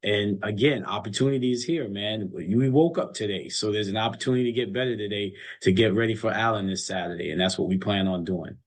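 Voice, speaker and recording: A man's voice: on the low side, brisk, hardly any pauses. A middle-aged man, a college basketball coach, telling stories in an earnest, motivational way in casual chat.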